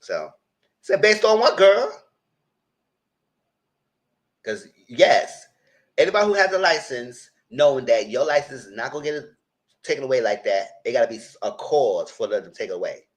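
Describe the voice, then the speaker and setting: Male reality-TV commentator, lively sassy delivery with big pitch swings, casual live chat. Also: brisk. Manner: animated, sassy, frequent squealing jumps in pitch when mimicking. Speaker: commentator reviewing a reality show.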